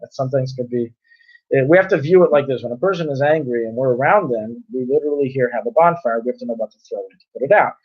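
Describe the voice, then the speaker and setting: A man giving a relaxed Torah class at a middle pitch, talking it through with everyday examples. He often repeats himself and restarts phrases as he explains. The recording sounds dull and lo-fi. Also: quick pace, breathy edge. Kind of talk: conversational Torah class lecture.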